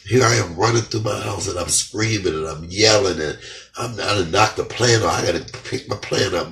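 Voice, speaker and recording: Fervent hoarse man, deep voice. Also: fairly bright tone. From United States. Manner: fervent, repetitive, crying with joy. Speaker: comedian vlogger. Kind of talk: emotional testimony vlog. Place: his house, indoors. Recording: echoey room, off-mic.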